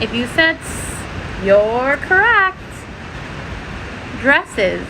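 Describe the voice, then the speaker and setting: A woman teaching a first-grade phonics lesson, sounding out letters and words slowly and clearly. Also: a little high, lively intonation, background noise.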